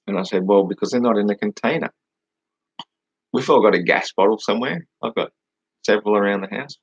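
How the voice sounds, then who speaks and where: A man's voice: low voice, creaky, slightly rough, no echo, poor audio. A man hosting a casual livestream, answering chat questions in a mocking, dismissive way and swearing now and then.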